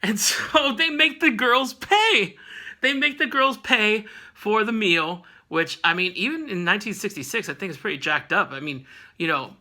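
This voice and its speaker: A man's voice: sits high, expressive, normal speed, bright, forceful tone. A man casually recapping a comic issue with rambling, jokey asides. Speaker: comic book reviewer.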